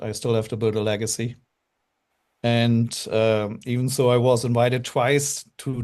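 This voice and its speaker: Appearing as a guest on a live show, a middle-aged man from Germany rambles through his story in earnest, leaning heavily on fillers, his German accent evident. He speaks at a medium pitch with a slightly mellow quality.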